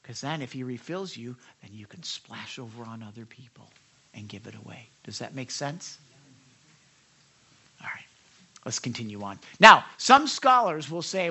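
A man's voice: mid-range voice, big pitch swings, normal speed, gravelly, bright, forceful tone, slightly rough. A man preaching a sermon, talking conversationally, asking the congregation questions and acting out quoted voices. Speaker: pastor.

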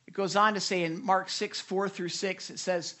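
Bright, animated preacher. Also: medium pitch, moderate pace. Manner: animated storytelling with frequent repeated starts; speaks directly to listeners with questions. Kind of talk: devotional sermon.

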